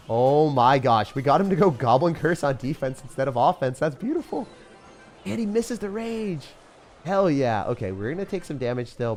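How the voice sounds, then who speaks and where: A young man talks through his match as it happens, his voice leaping between loud excited bursts and quiet muttered asides. He jokes at his opponent and keeps up a running play-by-play, with faint music playing underneath. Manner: excitable, jokey, swings from loud hype to low mutters. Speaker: gaming commentator. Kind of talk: live gameplay commentary.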